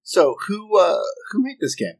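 A man's voice: high-pitched, sing-song, unhurried, breathy edge. A man bantering playfully as a player at a tabletop game. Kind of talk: casual chat.

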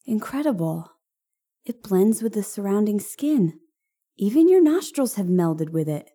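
A man's voice: high-pitched, very animated, unhurried, warm tone, voice pushed up, full character voice. A man reading a story and voicing a sarcastic young woman who is a witch, teasing her friend. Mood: wry. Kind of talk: audiobook narration.

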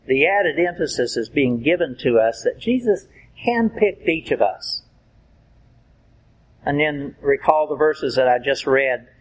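A man preaching a sermon in a slow, deliberate way, reading and explaining Bible verses. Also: medium pitch, low-quality recording.

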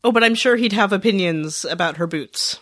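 A woman's voice: medium pitch, moderate pace, fairly bright tone, no echo, studio quality. A woman co-hosting a podcast, dropping wry, brief quips into the chat. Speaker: podcast co-host.

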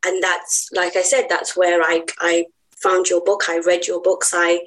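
A woman's voice: lowish voice, completely flat delivery, a little slow, a bit bright, poor audio. A woman guest on a podcast, earnest and heartfelt as she tells her personal story. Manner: earnest, heartfelt, laughs easily.

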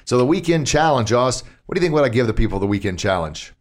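A man's voice: mid-range voice, expressive, racing. A middle-aged man hosting a podcast from a studio, talking casually and upbeat, laughing at his own slips. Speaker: podcast host. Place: recording studio.

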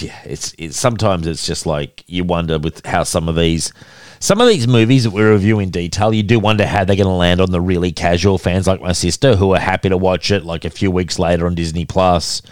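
A man's voice: low-pitched, smooth, dry recording, studio quality. A man co-hosting a casual film review podcast, chatty and swearing freely. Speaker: podcast co-host.

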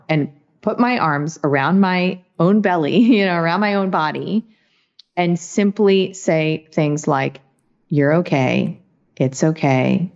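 A woman's voice: lowish voice, a little mellow, highs cut off. A woman speaking as an interview guest, talking in an earnest, reflective way with many "you know"s and "right"s. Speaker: guest, author. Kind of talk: casual interview talk.

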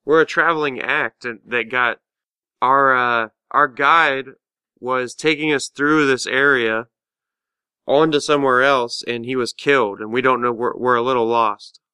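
A man player in a tabletop session who talks in a hesitant, stumbling way. His voice is bright and crisp, and the close recording has no room sound. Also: mid-range voice, fairly even intonation, unhurried, dry recording. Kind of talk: tabletop role-play chat.

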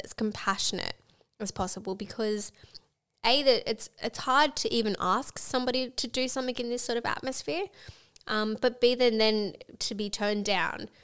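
Aussie woman co-hosting a chatty podcast, frank and sweary, a bit higher voice. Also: moderate pace, a bit bright, clear, resonant tone. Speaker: co-host. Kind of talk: casual podcast chat.

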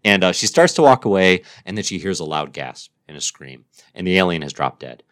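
A man with a very deep voice tells an invented superhero origin story, rambling and deadpan. His delivery is playful and loose, like an improvised chat between friends. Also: brisk.

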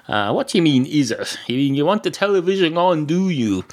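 A man's voice: on the high side, very animated, fairly quick, voice pushed up. A man doing an earnest talking dog. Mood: puzzled. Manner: rambling, over-explaining. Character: talking male dog, earnest and over-explaining.

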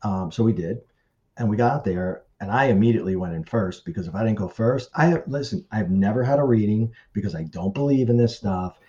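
A man casually telling a personal story as a guest, animated and acting out the voices of people he quotes. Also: fairly quick, muffled recording. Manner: animated, acts out quoted voices with pitch shifts.

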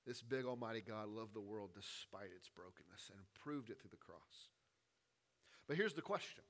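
A man, a pastor, preaching a sermon, with a delivery that swings from hushed, intimate lines to loud, rising appeals. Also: fairly low pitch, normal speed.

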